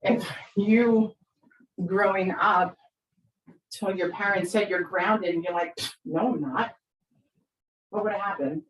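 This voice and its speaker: Far from the mic in an echoey room, a woman in her fifties, a therapist, gives a conversational presentation to parents at a measured pace. Her medium-pitched voice is fairly even in intonation, though she often checks in with "right?" and shifts her voice dramatically to act out quoted lines.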